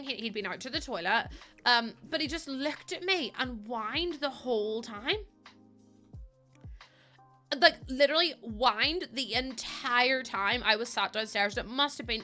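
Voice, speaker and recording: A young woman chats her way through a building game on stream, her voice bright and a touch high. She rambles easily, full of fillers and casual swearing. Soft music plays faintly behind her. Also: lively intonation, normal speed. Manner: rambling and chatty, with many fillers, swearing freely. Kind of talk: casual chat while playing a building game.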